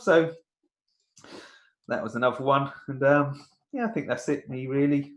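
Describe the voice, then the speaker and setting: A man's voice: fairly high pitch, sing-song, normal speed, long pauses, roomy sound. A man in his thirties, co-hosting a podcast and telling grumbling, chatty stories about his family. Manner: chatty storyteller, grumbling, mimics voices. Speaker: podcast co-host. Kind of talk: casual banter.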